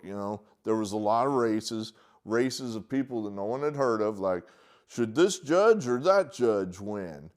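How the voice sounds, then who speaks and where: A man's voice: mid-range voice, a little mellow. A man giving a casual, exasperated political opinion monologue, ranting with sarcastic asides. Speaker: political commentator; poll worker.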